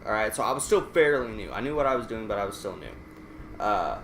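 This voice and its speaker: A man's voice: lowish voice, big pitch swings, a little fast, fairly bright tone, slight background noise. A man casually telling a rambling, profane story while playing a game. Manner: profane, rambling anecdote with restarts. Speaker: let's play gamer. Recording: echoey room.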